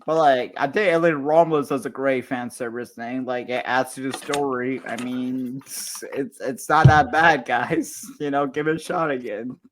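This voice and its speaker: A man's voice: mid-range voice, steady tone, moderate pace, hardly any pauses, a little hiss or hum. Young man, host, laid-back, joking, casual movie chat.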